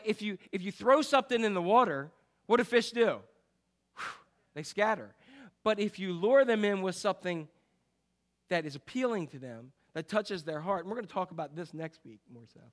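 High-pitched guy preaching, chatty sermon, keeps asking the crowd stuff. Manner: conversational, asks the congregation questions, shouts mimicked preaching. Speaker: pastor.

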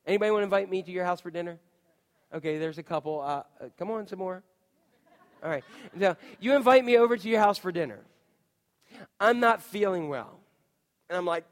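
A male pastor preaches in a reverberant church, and his fairly high voice rings through the long hall echo. He tells stories with energy and slips into little acted voices. He talks straight to the congregation. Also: brisk, pauses often. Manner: animated storytelling, acts out voices and shouts. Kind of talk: sermon. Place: church sanctuary.

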